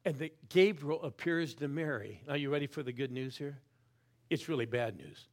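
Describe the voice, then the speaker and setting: A middle-aged man preaching a sermon, swinging from loud calls to quiet, intense asides and pushing the crowd to answer back. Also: medium pitch, animated, normal speed. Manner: urges the crowd to respond. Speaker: guest preacher.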